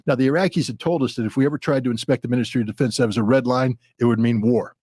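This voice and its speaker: A man's voice: mid-range voice, fairly even intonation, racing, dark tone, dry recording, clean studio sound. A man in his sixties, a former weapons inspector and podcast guest, telling a story bluntly and acting out the dialogue. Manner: blunt, vivid retelling with dialogue.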